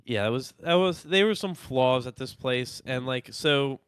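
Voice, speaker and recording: A young man co-hosting a podcast, telling a story in animated casual chat and acting out what people said. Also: medium pitch, unhurried, clear, resonant tone, dry recording. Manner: animated, acts out quotes of himself and others. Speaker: podcast co-host.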